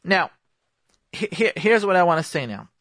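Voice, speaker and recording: A man's voice: high-pitched, very animated, moderate pace, a bit bright, no echo. Emphatic man giving radio marriage advice. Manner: emphatic, repetitive, addresses listeners directly; uses Hebrew religious terms.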